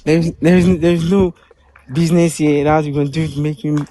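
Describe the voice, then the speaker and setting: A man's voice: on the high side, steady tone, unhurried, dark tone, slight background noise. Hesitant young Ghanaian man calling in. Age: 20s. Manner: hesitant, agreeable, repeats yeah. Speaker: caller. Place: outdoors.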